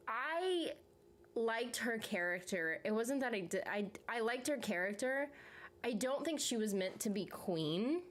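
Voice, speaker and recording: A young woman hosting a show, chatting casually about TV series, animated, swearing freely and laughing often. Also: medium pitch, a little hiss or hum. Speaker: show host reacting to viewer comments. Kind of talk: casual chat.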